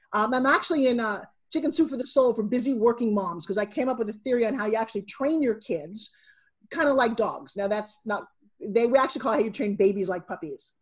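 A middle-aged woman with a slightly husky, somewhat high voice chats as a podcast guest. She tells stories with energy and acts out what people said along the way. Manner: animated storyteller, acting out quotes. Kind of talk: casual interview.

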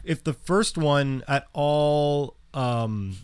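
A man's voice: a little high, very slow, darkish tone, smooth, dry recording. A man co-hosting a casual podcast, giving enthusiastic opinions about movies. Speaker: podcast co-host. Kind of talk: casual chat.

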